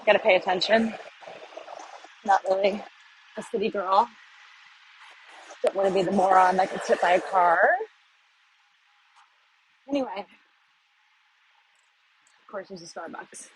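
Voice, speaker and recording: A woman's voice: mid-range voice, steady tone, unhurried, long pauses, slight background noise, low-quality recording. An American woman vlogging casually while walking city streets, rambling and self-deprecating, recorded on a phone. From United States.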